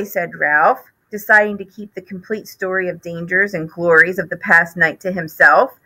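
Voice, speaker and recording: A woman teacher reading a children's chapter book aloud in an expressive, animated way. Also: fairly low pitch, moderate pace, hardly any pauses, rough recording.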